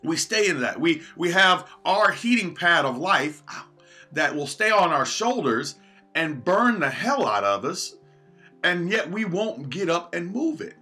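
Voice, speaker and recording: A man's voice: high-pitched, very animated, measured pace, pushed and bright, faint music behind. A man giving an earnest motivational talk on a livestream, shifting his pace often. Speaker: motivational speaker.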